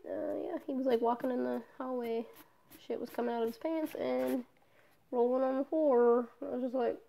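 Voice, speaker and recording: A woman's voice: high-pitched, fairly even intonation, normal speed, creaky, warm tone. A young woman in a casual personal vlog, talking candidly, swearing often and trailing off with fillers. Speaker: vlogger.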